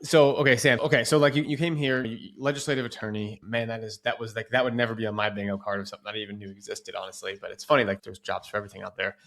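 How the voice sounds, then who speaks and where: A man hosts a podcast interview in a loose, chatty way, full of filler words. He talks quickly in a somewhat low voice. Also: flat delivery, a bit bright. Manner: casual, chatty, filler-heavy. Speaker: podcast co-host.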